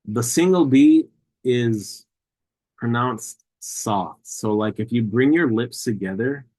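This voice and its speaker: A man's voice: mid-range voice, poor audio. A man teaching a language lesson, patiently repeating each word several times to model its pronunciation.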